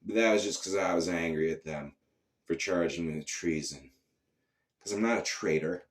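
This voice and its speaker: A man performing a profane comic rant, shifting between low mutters and sudden shouts. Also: normal speed, echoey room, recorded from a distance. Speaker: comedian. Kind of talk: character comedy monologue.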